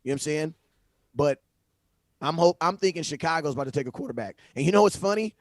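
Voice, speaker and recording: A man hosting a live stream from home, talking sports in loose, animated slang. His voice sits a bit high, and he repeats phrases as he reacts. The sound is dry and close. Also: fast, dry recording. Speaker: livestream host. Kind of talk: casual sports commentary. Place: home livestream setup. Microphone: phone.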